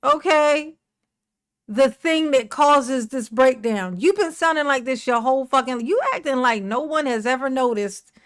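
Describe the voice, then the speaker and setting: A woman's voice: high voice, measured pace, smooth. A woman hosting a reaction video, giving casual, blunt and sarcastic commentary with plenty of swearing. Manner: blunt, emphatic, profane and sarcastic.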